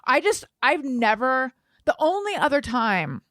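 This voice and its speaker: A woman co-hosting a casual podcast, telling a story with animated, acted-out quotes. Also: sits high, a little slow, dry recording, clean studio sound. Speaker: podcast co-host. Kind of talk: casual chat.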